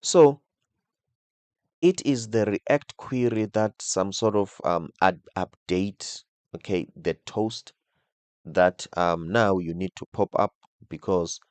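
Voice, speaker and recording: A man with a low voice guides viewers through a coding tutorial, thinking aloud and restarting words as he explains. He checks in with "okay?" after almost every point. The recording is dry and close, with no room sound around him. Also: slow, a little mellow, no echo. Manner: explains step by step, tags nearly every phrase with "okay?". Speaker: coding instructor.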